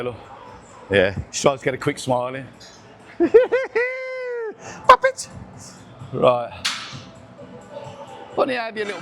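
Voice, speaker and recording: A man chatting casually while training in a busy gym, counting reps and getting out of breath between sets. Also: on the high side. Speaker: gym vlogger. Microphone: camera on tripod nearby.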